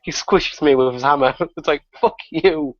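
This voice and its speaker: A man, a guest on a gaming podcast, telling a story in a profane, excitable way and laughing often. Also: mid-range voice, a little fast, no echo. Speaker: guest gamer. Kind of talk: casual podcast chat. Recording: dull lo-fi podcast audio.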